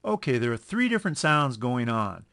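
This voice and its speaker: A man teaching a music lesson over a screen recording, explaining at an unhurried pace, correcting himself and counting beats aloud. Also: mid-range voice, sing-song, creaky. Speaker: music instructor.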